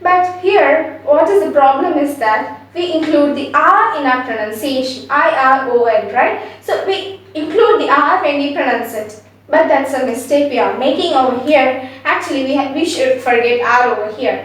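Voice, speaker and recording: High-voiced woman teaching pronunciation, echoey. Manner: repeats words slowly, often checks with "okay?". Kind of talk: spelled-out pronunciation lesson. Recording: very echoey room, mic far away.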